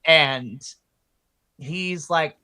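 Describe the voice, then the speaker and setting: An excitable woman co-hosting a podcast, chatting through a wrestling recap in a bright, forceful voice. She swings into loud, animated retellings, recorded close and dry with no room sound. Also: low voice, very slow, no echo. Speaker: podcast co-host. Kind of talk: casual wrestling recap chat.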